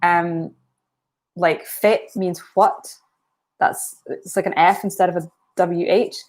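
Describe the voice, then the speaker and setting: Chatty Scottish woman, low voice. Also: fairly even intonation, slow pace, darkish tone. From Aberdeen, Scotland. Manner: chatty, rambling, with frequent ums and likes. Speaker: writing livestream host. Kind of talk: casual live-stream chat.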